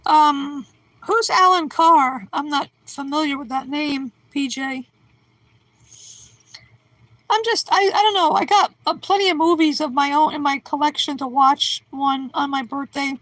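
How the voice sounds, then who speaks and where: A woman's voice: high-pitched, a little slow, a bit bright, no room sound, rough recording. A woman in her sixties hosting a livestream, chatting casually and rambling as she answers viewers. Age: 60s. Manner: rambling, chatty, restarts and trails off. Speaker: livestream host.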